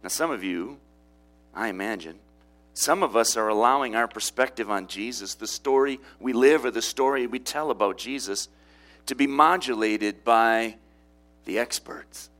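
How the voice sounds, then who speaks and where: A man's voice: mid-range voice, normal speed, fairly bright tone. A man preaching a sermon in a conversational way, often asking rhetorical questions of his listeners. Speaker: pastor.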